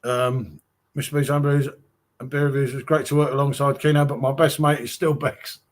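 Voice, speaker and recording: An English man from England hosts a live stream in a medium-pitched voice, level in tone and normal in speed. He chats casually, reads viewer comments aloud, and calls everyone mate.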